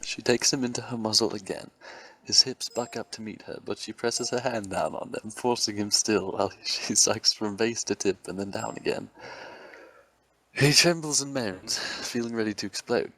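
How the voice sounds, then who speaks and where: Man, story narrator, lowish voice, steady dramatic reading. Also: normal speed, rough recording. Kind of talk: amateur reading of erotic fiction.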